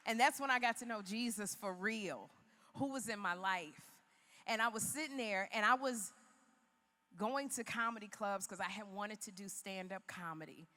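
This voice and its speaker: Bright-voiced woman in her fifties, arena echo. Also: medium pitch, normal speed. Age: 50s. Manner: animated, humorous, preacherly, acts out quoted voices. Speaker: keynote speaker. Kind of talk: motivational speech with comic storytelling. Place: large indoor arena. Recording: long arena reverb.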